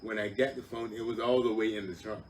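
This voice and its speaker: Profane, storytelling man, low voice. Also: fast, far from the mic, slight background noise. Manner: animated, profane, acts out other voices. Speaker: podcast guest, older brother. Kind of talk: casual storytelling.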